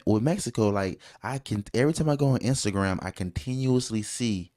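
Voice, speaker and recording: A man with a fairly low voice co-hosts a relaxed podcast chat. He talks loosely and tells his stories with plenty of animation. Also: fairly quick. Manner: loose, animated storytelling with jokey put-on voices. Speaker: podcast co-host.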